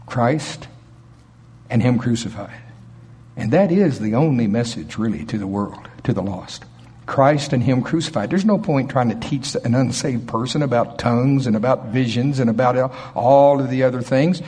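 A man preaching a sermon in an animated way, acting out voices with sudden jumps in pitch. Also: normal speed, breathy edge.

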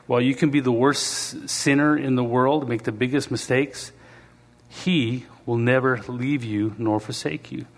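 A man preaching a sermon in a conversational way, now and then acting out quoted voices and reading scripture slowly. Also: medium pitch, steady tone. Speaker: pastor.

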